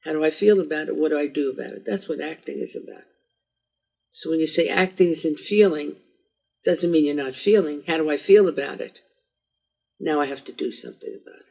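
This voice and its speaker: Gravelly man explaining acting, emphatic. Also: on the high side, fairly quick, a little mellow, rough recording. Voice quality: gravelly, husky. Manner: emphatic, instructive.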